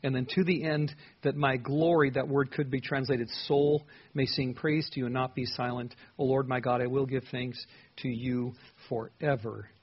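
Husky-voiced man preaching a relaxed sermon. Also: medium pitch, moderate pace, highs cut off. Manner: conversational Bible teaching, voicing the psalmist's prayers with rising emotion. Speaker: pastor.

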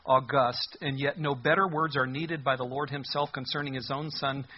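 A man's voice: medium pitch, fairly even intonation, normal speed, highs cut off, slight background noise. A man preaching a sermon in a conversational, humorous way, reading scripture aloud. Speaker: pastor.

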